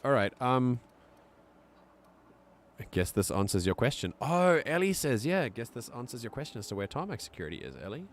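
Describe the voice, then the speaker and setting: A man with a South African accent giving casual, excitable commentary while streaming a video game. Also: mid-range voice, fairly quick, a little hiss or hum. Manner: excitable, chatty, laughs often.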